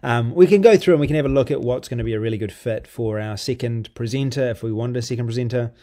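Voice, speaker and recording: A man talks through a software demo in a relaxed, offhand way, pausing and restarting as he goes. His voice is mellow and warm, set at an ordinary middle pitch. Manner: loose and conversational, many ums and restarts. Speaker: software reviewer. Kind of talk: casual screen-recorded software walkthrough.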